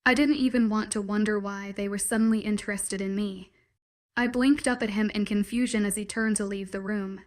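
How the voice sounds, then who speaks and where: A woman narrating a first-person werewolf story in a measured, dramatic inner-monologue style. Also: medium pitch, fairly even intonation.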